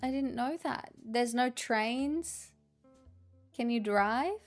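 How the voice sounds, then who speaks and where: A woman's voice: fairly high pitch, slow pace, soft background music. An Australian woman hosting a casual live stream, chatting with viewers in a sarcastic, self-deprecating way. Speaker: livestream host.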